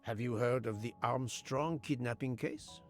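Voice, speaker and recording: An actor playing a shrewd, precise middle-aged detective in a video game. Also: male voice, mid-range voice, a little slow, faint music behind, close to an everyday voice. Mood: interrogating.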